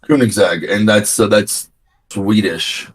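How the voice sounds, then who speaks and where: A man's voice: on the low side, takes it slowly, faint music behind. A young man on a live trading stream, chatting casually and telling rambling, slangy stories. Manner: rambling, slangy, animated storytelling. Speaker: day trader streaming live. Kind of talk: casual chat.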